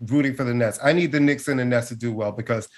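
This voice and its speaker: A man co-hosting a podcast in casual chat, animated and swearing freely as he rants. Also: medium pitch, quick pace. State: frustrated. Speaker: podcast co-host.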